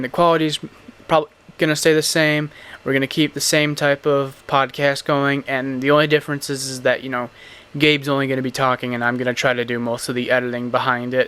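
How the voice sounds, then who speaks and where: Young guy hosting a gaming podcast, smooth voice, rambles bluntly. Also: mid-range voice, fairly bright tone. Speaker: podcast host. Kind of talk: casual podcast chat.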